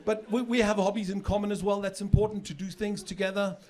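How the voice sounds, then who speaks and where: Speaking at a quick pace in a high-pitched, slightly mellow voice with little pitch movement, a middle-aged South African man gives a chatty stand-up performance. He repeats words as he builds jokes, and the club audience laughs in this live recording.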